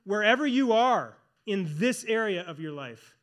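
A man who serves as a pastor and church elder delivers a sermon earnestly and emphatically, slowing down to drive home key phrases. His voice is high, expressive, and somewhat bright.

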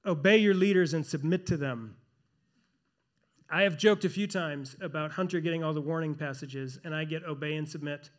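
Man, pastor, high-pitched voice, earnest emphatic sermon, slows for stressed phrases. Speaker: pastor and elder.

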